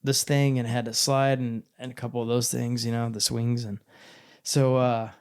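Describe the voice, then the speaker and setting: A man's voice: medium pitch, flat delivery, moderate pace, clean tone. Male podcast co-host, mid-range voice, rambling jokey storyteller. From born in St. Louis, raised in western Oklahoma. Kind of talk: casual podcast chat.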